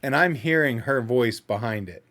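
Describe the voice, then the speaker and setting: Male reaction host, mid-pitched voice, analytical, second-guesses himself out loud. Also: normal speed, over music. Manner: thinking aloud, analytical and self-doubting. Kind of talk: casual reaction commentary.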